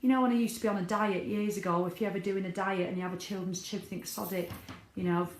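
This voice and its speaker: A woman's voice: medium pitch, steady tone, fast talker. Woman, middle-aged, candid diary-style vlogger, roomy echo. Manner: chatty, candid, swears freely. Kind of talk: casual video diary. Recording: echoey room.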